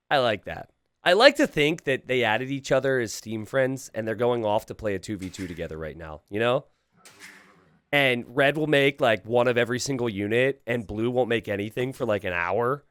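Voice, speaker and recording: A male game commentator whose voice sits at an ordinary mid pitch but swings widely up and down as he reacts. He talks casually and excitably, laughs easily and breaks into sudden exclamations. He keeps turning to his viewers with questions. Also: no echo. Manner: chatty, asks the viewers questions. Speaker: game commentator and channel host.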